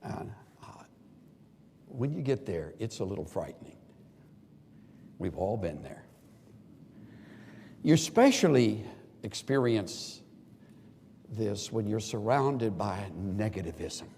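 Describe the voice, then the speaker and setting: Gravelly older man preaching in a hall. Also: fairly low pitch, takes it slowly, pauses often, a little hiss or hum. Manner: earnest, animated, acts out quoted pleas. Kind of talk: sermon. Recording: long reverb of a large hall.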